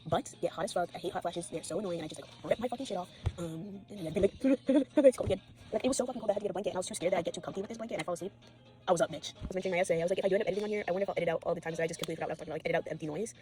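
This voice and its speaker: A woman's voice: lowish voice, very fast, a little mellow, faint music behind. A teenage girl vlogging at home after an all-nighter, tired, swearing and rambling from topic to topic. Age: teens. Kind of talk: rambling late-night vlog.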